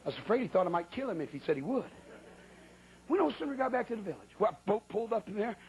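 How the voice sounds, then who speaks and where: A man preaching a sermon as a colloquial, animated story, acting out sounds and voices. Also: high voice, fast talker, breathy edge.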